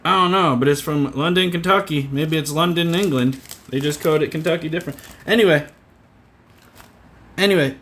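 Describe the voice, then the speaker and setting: A man vents to the camera about his grievances in a sarcastic, jabbing tone. His voice sits a little high for a man, and he keeps throwing in a mocking "hello.". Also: moderate pace, a bit bright. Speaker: vlogger. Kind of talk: casual ranting vlog.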